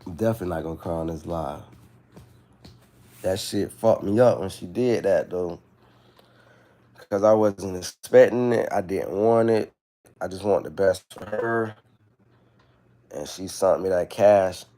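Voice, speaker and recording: With a deep, dark voice, this young man speaks a little slowly and leaves long pauses. He hosts a livestream from his phone, rambling, profane and confessional as he talks candidly about heartbreak.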